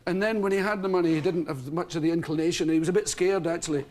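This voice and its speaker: A man's voice: on the high side, fast talker, darkish tone. A Scottish man, a chat-show guest, telling a long rambling anecdote and laughing through it. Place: television studio.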